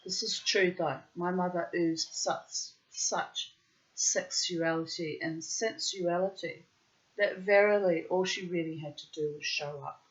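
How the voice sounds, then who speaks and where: In an unhurried, steady tone and a lowish voice, a middle-aged woman spins a digressive personal tale full of wry drama and ornate wording. It comes through a dull, lo-fi recording.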